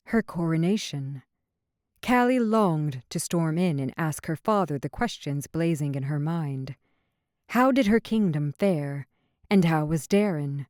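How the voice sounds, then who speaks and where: Low-voiced woman narrating an audiobook. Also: lively intonation, a little slow, a little mellow, no echo, studio quality. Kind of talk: scripted narration.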